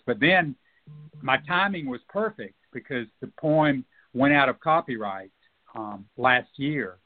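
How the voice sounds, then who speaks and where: Guest novelist, male, thoughtful and halting, plenty of ums; narrow phone-quality sound. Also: mid-range voice, lively intonation. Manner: reflective, hesitant with many fillers and restarts. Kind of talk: radio interview conversation.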